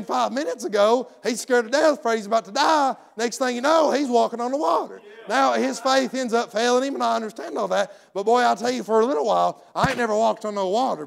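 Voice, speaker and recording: A preacher, a man whose voice sits unusually high and is thick with gravel and fry. He rambles through his sermon in a folksy way, dropping to quiet asides and then rising to shouted bursts, and he names people in the pews as he goes.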